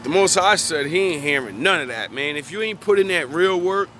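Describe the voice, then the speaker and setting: A man's voice: a little high, lively intonation, fairly quick, sharp tone, slight background noise. A young man giving a casual, preachy monologue in profane street slang, worked up as he preaches. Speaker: vlogger.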